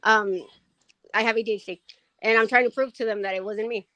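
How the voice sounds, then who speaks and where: A woman calling into a live panel chat, talking in a rapid-fire rush and stumbling over her words. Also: a little high, steady tone, sharp tone, no room sound, highs cut off. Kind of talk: casual chat.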